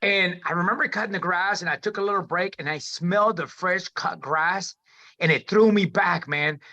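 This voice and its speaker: A man tells his story in candid, emphatic talk, swearing freely and restarting his sentences. His voice is on the high side and bright. The recording sounds dull and lo-fi. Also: moderate pace, vocal fry. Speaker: interview guest sharing recovery story.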